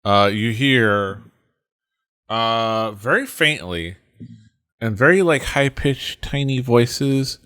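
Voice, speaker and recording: A man running a tabletop game as game master, describing scenes in a halting way full of fillers and restarts. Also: mid-range voice, sharp tone, clean tone, no echo. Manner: hesitant, many fillers and restarts.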